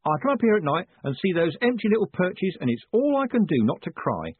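A mock-mournful dreamer, put on by a male narrator in a storybook, raised in pitch and very husky. The sound is thin and phone-like, close and dry. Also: sing-song, fairly quick, no echo, heavily acted. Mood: mock-sad.

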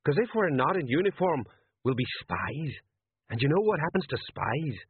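A man doing a cowardly older sergeant, slightly raised in pitch, whose worried words tumble out in a rambling, common way. The voice is husky and tinny, as if over a phone. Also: very animated, moderate pace, no room sound, exaggerated voice. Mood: anxious. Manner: anxious, rambling, common-sounding. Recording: dry, tinny phone-like sound.

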